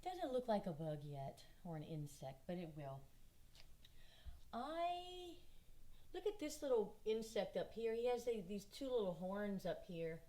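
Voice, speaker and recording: A woman's voice: mid-range voice, very animated, dark tone. Southern lady art teacher, walking little kids through drawing a bug, patient and encouraging. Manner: patient, encouraging, speaks slowly to small children. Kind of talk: kindergarten drawing lesson.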